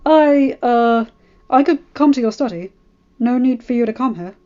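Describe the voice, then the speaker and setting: A woman's voice: mid-range voice, measured pace, warm tone, dull audio, natural voice. A woman voicing a shy, startled teenage boy who speaks in a flustered, hesitant way.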